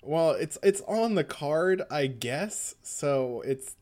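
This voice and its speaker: A man's voice: fairly high pitch, expressive, slow, darkish tone. A man co-hosting a casual podcast, joking and laughing as he recaps comic panels. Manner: jokey, laughs often, reads panels aloud in goofy voices. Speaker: podcast co-host. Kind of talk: casual chat recapping a manga.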